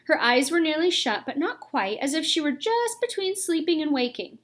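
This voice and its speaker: A woman reads a children's story aloud with a fairly high voice. She narrates steadily and lifts her pitch when the characters speak. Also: normal speed. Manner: lively, reads dialogue with raised pitch. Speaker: audiobook reader.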